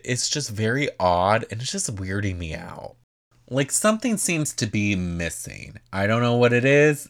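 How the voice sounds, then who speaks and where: A man's voice: low-pitched, fairly bright tone. A man recapping reality TV in a casual, gossipy chat, swearing freely and filling his talk with "like". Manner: chatty and gossipy, swears freely, many "like" fillers.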